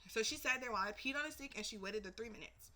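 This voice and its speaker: Bright, sharp-toned woman with a fairly high voice recounting her family's story for a documentary. She tells it with animation, slipping into her relatives' lines and swinging from loud bursts to near whispers. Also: very fast. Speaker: interviewee. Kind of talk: personal storytelling in a documentary interview.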